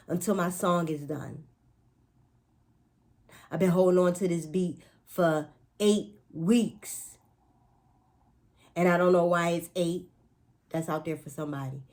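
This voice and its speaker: A woman's voice: low-pitched, darkish tone. Chatty woman giving a spiritual pep talk. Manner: chatty, emphatic, playful asides and repetitions. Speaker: astrology and spiritual reader.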